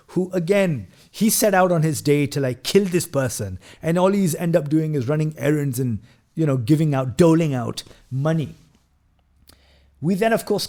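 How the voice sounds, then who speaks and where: A man's voice: medium pitch, mellow. A man hosting a casual film review who retells scenes at length, with frequent fillers, restarts and quoted lines from the characters.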